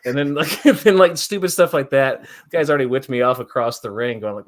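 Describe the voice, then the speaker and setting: A man's voice: medium pitch, big pitch swings, moderate pace. A man in his thirties, a wrestler guest chatting casually and laughing often through rambling stories. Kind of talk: casual chat.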